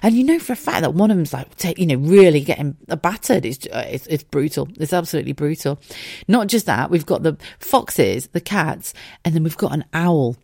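A woman's voice: low voice, expressive, moderate pace, gravelly, a little mellow, husky, dry recording, clean studio sound. A woman, hosting a casual solo podcast from home. She rambles chattily, swears freely and laughs often. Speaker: podcast host.

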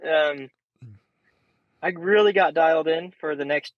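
A young man guesting on a podcast, telling stories in a casual, animated way and swearing freely. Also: a little high, a little slow, no echo. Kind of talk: casual storytelling chat. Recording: dull, slightly muffled sound.

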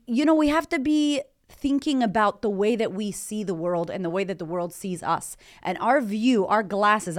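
A woman hosting a podcast, giving an energetic, profane motivational talk. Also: medium pitch. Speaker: podcast host. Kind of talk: motivational monologue.

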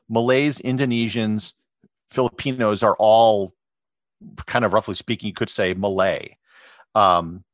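Man, lowish voice, dry close mic, middle-aged, unhurried explainer. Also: no echo. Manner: relaxed, explanatory, with many fillers. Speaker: podcast host and travel photographer. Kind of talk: conversational interview answers.

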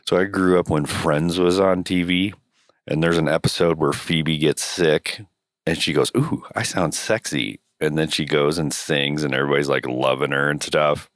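Deep-voiced guy with a cold, hoarse, rambling podcast chat, dry close sound. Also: level tone, moderate pace, fairly bright tone, dry recording. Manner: rambling, joking. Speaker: podcast co-host. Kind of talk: casual chat.

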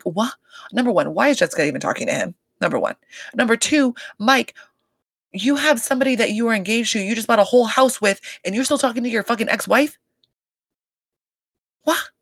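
A fairly high-pitched woman talks briskly with vocal fry and frequent pauses, recorded dry on a desk mic. She's a podcast host recapping a reality show, gossiping animatedly and swearing a lot, peppering everything with "like" and "you guys."

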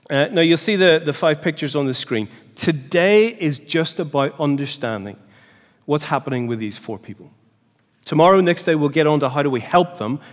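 A man giving a lively church seminar talk, often putting questions to the audience and restarting his phrases. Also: a little high. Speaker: seminar speaker. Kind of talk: teaching talk. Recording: long hall reverb.

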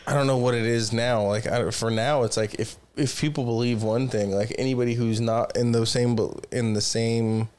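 Man, casual chat, rambling, loose, mid pitch. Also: steady tone, normal speed, hardly any pauses, darkish tone, clear, resonant tone. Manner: rambling, swears freely, many fillers. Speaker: podcast co-host.

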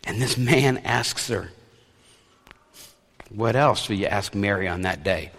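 A man's voice: lowish voice, slow pace, long pauses, fairly bright tone, big-room sound. A man preaching a sermon, retelling a scripture story with playful asides. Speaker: pastor.

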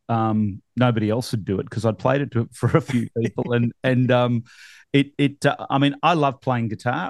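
With an Australian accent and a mid-range voice, this middle-aged podcast host chats casually and rambles, full of fillers and easy laughter. There's no echo in the recording.

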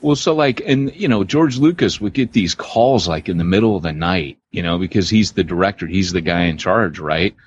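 Podcast co-host, male, low husky voice on a dull lo-fi recording, loose and rambling. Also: normal speed, hardly any pauses. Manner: rambling storyteller, many restarts and fillers. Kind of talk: casual chat.

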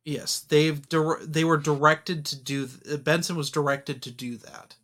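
A man talks through a movie in a casual podcast chat, opinionated and animated. His voice is bright and forceful and sits a bit high for a man. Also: a little slow. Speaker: podcast co-host. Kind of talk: casual film discussion.

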